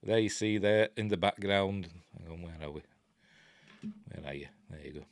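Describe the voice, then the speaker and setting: A man's voice: sits low, moderate pace, no room sound, studio quality. An older man with a Yorkshire accent, casually talking through a film review with rambling, self-interrupting chat and wry asides. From Yorkshire, England.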